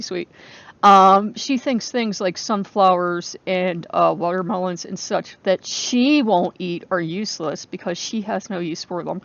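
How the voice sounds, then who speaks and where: Rambling woman with a gravelly voice. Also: mid-range voice, dry recording, muffled recording. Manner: rambling, many fillers, frequent laughs. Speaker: channel host. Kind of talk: casual vlog monologue.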